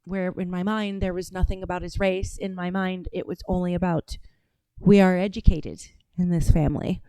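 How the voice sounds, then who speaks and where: A blunt, opinionated woman from Atlanta hosting a podcast, swearing freely as she reacts to clips. Her voice is smooth and clear. It sits close and dry on the mic. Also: lowish voice, steady tone, normal speed, warm tone, dry recording. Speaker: podcast host. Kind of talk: casual commentary on played clips.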